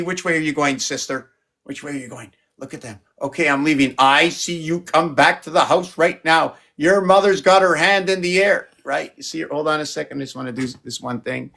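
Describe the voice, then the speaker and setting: A man's voice: a little high, fairly quick, creaky. Rambling, playful man showing his art. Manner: rambling, playful, jumps between excited exclamations and muttering. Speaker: artist showing his paintings. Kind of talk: casual live-stream chat.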